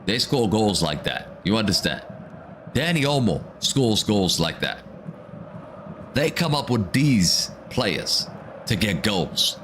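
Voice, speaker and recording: A man doing live football reaction commentary as a watch-along streamer, excitable and ranting, often repeating himself. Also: on the low side, slow pace, slight background noise.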